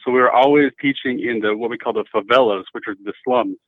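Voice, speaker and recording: A man's voice: mid-range voice, fast talker, dry recording. Hesitant man calling in by phone. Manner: hesitant, many restarts. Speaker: caller. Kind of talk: telling a personal story. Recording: tinny phone line.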